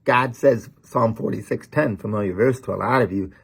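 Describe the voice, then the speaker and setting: A man's voice: mid-range voice, moderate pace, gravelly, few pauses, breathy edge. A middle-aged man preaching a sermon as a pastor, talking in a folksy, conversational way with lots of "man" and "you know.".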